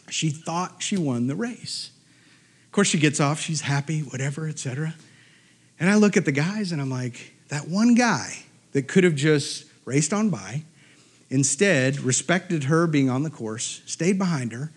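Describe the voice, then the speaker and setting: A middle-aged man tells a story on a live stage. His voice sits a little high, and he swings it up and down as he acts out the people in his story. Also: lively intonation, normal speed, fairly bright tone.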